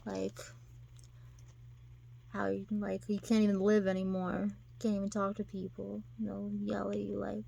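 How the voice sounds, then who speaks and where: A woman voicing a shy young man who sounds hurt and sad, in a halting, plaintive way. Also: medium pitch, monotone, vocal fry, dark tone, husky, full character voice.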